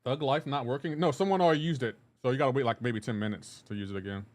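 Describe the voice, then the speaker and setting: Speaking fast in a mid-range voice, a man plays a game on a live stream and chats casually. He reads out his viewers' messages and replies in a relaxed way, often restarting sentences and drifting into comments on the game.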